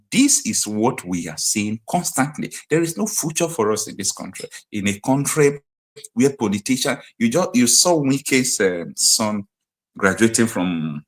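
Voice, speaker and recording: A man with a Nigerian accent hosting a live political commentary stream, emphatic and hammering his points home by repeating them. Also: on the low side. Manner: emphatic, repeats key phrases like a preacher.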